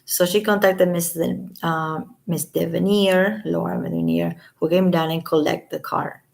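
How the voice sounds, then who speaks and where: A woman's voice: on the low side, steady tone, a little slow, gravelly, darkish tone. A woman giving casual commentary as a vlogger, reading statements aloud and breaking off with sarcastic, scoffing asides.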